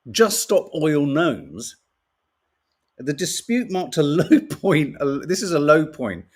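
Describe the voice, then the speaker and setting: A middle-aged man with a British accent talks through the day's papers in a loose, chatty way. His voice sits a little high and swings all over the place, rising and dropping with each joke. He is wry and swears freely. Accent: British English. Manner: chatty, wry, swears casually, laughs at stories. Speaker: podcast host reading the papers. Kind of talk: casual chat.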